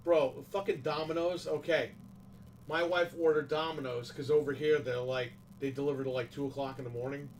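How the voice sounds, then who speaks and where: A man rants in casual livestream chat, swearing freely and hammering his complaints home. His voice sits somewhat high. He sounds a little set back from the microphone. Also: steady tone, normal speed, recorded from a distance, slight background noise, rough recording. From New York, USA. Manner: profane, ranting, emphatic complaints. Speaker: livestream host.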